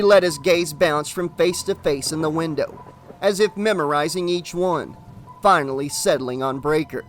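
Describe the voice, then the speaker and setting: A man narrating a horror novel as an audiobook, in a steady, dramatic read. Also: fairly high pitch, moderate pace, soft background music.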